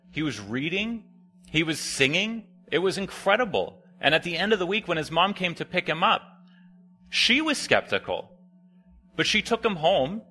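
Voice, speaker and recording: A young man giving a sermon, telling a camp story in a conversational way and dropping quiet when he quotes people. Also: fairly high pitch. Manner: conversational, drops to quiet near-whispers for quoted lines. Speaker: preacher.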